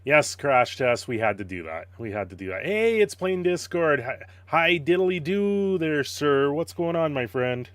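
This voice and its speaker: A man's voice: fairly high pitch, sing-song, measured pace, no echo. A man casually chatting on a live stream, greeting viewers and playing with his dog, laughing often. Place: home.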